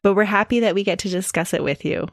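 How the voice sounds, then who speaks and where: A woman's voice: medium pitch, quick pace, no room sound, studio quality. A woman co-hosting a casual podcast, chatty and giggly, often tripping over her words. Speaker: podcast co-host.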